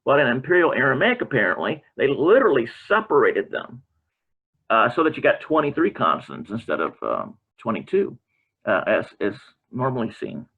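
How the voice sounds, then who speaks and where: A man giving an informal lecture, reading from a textbook and adding halting comments with many fillers and self-corrections. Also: medium pitch, very animated, slightly rough. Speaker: Bible language teacher. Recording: tinny phone-like audio.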